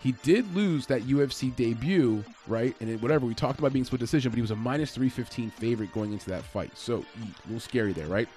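Guy casually breaking down a fight, average pitch, lots of ums and restarts, faint music behind. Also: fast, few pauses, warm tone. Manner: conversational, many fillers and restarts. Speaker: MMA fight analyst.

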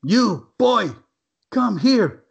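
A man voicing a gruff, rude male foreman in a cowboy hat who talks down to workers and barks condescending orders. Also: high voice, very animated, very slow, voice pushed up, heavily acted. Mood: barking. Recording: dull lo-fi recording.

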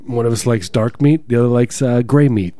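A man's voice: mid-range voice, brisk, dark tone, no echo. A middle-aged man co-hosting a comedy podcast, rambling through absurd riffs and silly bits. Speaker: podcast co-host. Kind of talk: improvised comedy banter.

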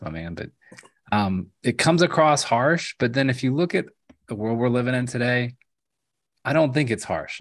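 Man, low husky voice, hesitant, reflective, faith chat. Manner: hesitant, repeats words, reflective. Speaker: podcast co-host. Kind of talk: casual faith discussion.

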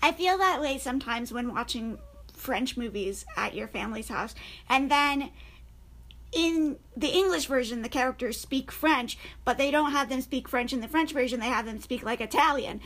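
A woman's voice: high voice, normal speed, fairly bright tone. A woman co-hosting a podcast in casual chat, telling stories animatedly and laughing often. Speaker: podcast co-host.

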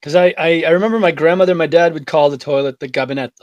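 Co-hosting a casual podcast, a Boston-accented man from Revere, Massachusetts, tells stories and swears freely. He talks rapid-fire in a fairly high voice. The recording has no echo.

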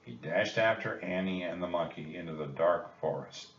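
A deep-voiced man reads a children's chapter book aloud, calm and measured at an unhurried pace. The recording sounds distant and echoey. It has a dull, muffled tone. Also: slight background noise. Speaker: narrator. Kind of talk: children's storybook read-aloud.

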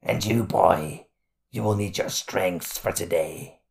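A hideous grinning scourge barks at his prisoners, voiced by a man reading a storybook. The voice is very low and gritty with fry, and it crawls along at a sneering, menacing pace. It sounds a little distant from the microphone. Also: slow pace, full character voice. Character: hideous grinning clawed scourge jailer, cruel.

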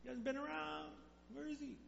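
A man's voice: very high-pitched, fairly even intonation, fairly quick, creaky, fairly bright tone, a little hiss or hum, voice pushed up, heavily acted. A man voicing an angry, jealous king with a raised, questioning voice. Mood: frustrated. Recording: dull echoey hall.

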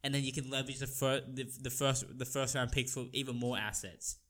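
A man's voice: medium pitch, brisk. Young guy from australia ranting solo on his sports podcast, gets worked up, keeps restarting sentences. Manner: animated, heated, many restarts. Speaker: podcast host.

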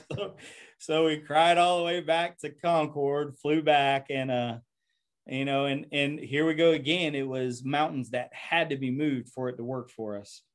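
A man's voice: on the high side, steady tone, unhurried. Earnest man pastor telling his story. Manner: earnest, reflective, often repeats words as he talks. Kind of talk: personal storytelling interview.

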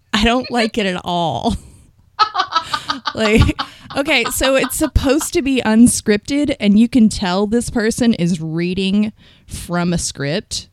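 A woman's voice: medium pitch, takes it slowly, long pauses, no echo. A woman, co-hosting a podcast in chatty, self-deprecating casual talk. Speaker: podcast co-host. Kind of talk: casual chat.

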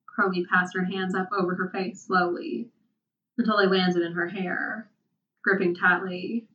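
A woman reading a story aloud as narrator, in a slow, measured delivery. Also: medium pitch, steady tone. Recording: distant, dull lo-fi mic.

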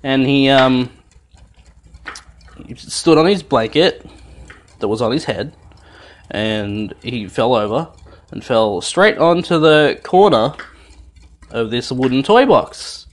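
A young man, a dad telling a family story in a lively, laughing way, swearing freely while he cooks at home in the kitchen. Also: mid-range voice, takes it slowly, pauses often. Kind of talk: animated casual storytelling.

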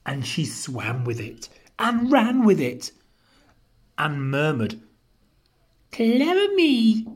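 A man hosting a children's story podcast, reading a rhyming tale aloud in a rhythmic, expressive way. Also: mid-range voice, slow pace, slightly rough. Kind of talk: storybook narration.

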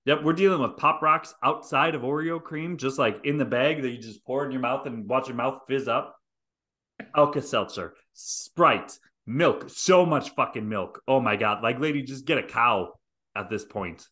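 A man's voice: medium pitch, moderate pace. A middle-aged man hosting a podcast, telling a story with lots of swearing and acted-out voices. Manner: animated, profane storyteller acting out scenes. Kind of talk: storytelling chat.

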